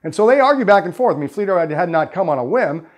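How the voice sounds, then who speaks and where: Brief: male sales trainer, animated conversational storyteller, rapid delivery. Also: high voice. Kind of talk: telling a parable in a training video.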